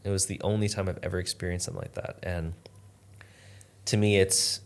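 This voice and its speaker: Deep-voiced and level in tone, a man speaks briskly as a podcast guest. He tells a personal story earnestly and reflectively in a casual manner, using "like" frequently.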